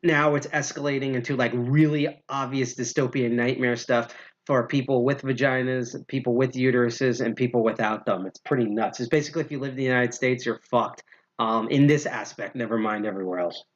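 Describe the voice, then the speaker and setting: A man of ordinary pitch hosting a casual livestream, talking loosely and swearing as he goes. He trips over words and corrects himself, then keeps rolling. The sound is a bit dull and lo-fi. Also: fairly even intonation, fairly quick. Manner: rambling, profane, self-correcting. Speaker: podcast host.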